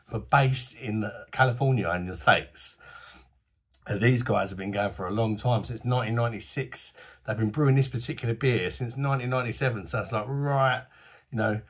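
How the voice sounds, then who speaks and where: A man with a husky voice, casually reviewing a beer to camera in a chatty, enthusiastic, slangy way, his voice going a bit hoarse. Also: medium pitch. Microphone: phone camera.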